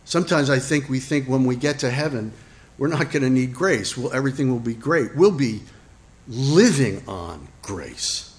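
A man preaching a sermon in a relaxed, conversational way. He asks the congregation questions and adds self-deprecating asides. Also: medium pitch, moderate pace. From Italian heritage. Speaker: pastor.

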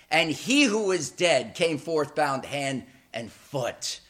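A man preaching a sermon in a church. He is dramatic and emphatic, repeats words as he builds momentum, and swings between loud peaks and hushed, low passages. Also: lively intonation, slow, hardly any pauses. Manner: dramatic and emphatic, with swells and drops in volume.

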